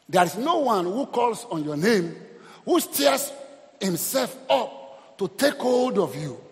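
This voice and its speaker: A man preaching a sermon as pastor, calling out praise and exclamations to the congregation. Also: high voice. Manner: preaching with call-and-response exclamations. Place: church hall. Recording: long hall reverb.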